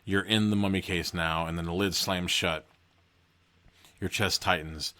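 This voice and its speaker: Man, podcast host, low voice, casual read-aloud, joking asides. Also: steady tone, measured pace, bright, forceful tone.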